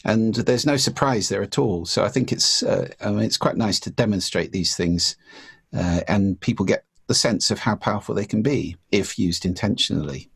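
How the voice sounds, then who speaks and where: A man speaks as an interview guest in a relaxed, reflective way. His voice sits fairly low, with a gravelly, husky texture. He explains his points by acting out little examples. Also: moderate pace. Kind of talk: casual conversation.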